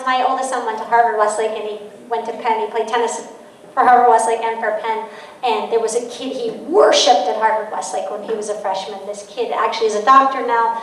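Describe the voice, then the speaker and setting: A middle-aged woman giving a lively parenting talk to an audience, telling stories and acting out quoted voices. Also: on the high side. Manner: storytelling with quoted voices and laughter. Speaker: guest speaker on parenting. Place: large hall. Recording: echoey hall from far off, faint noise.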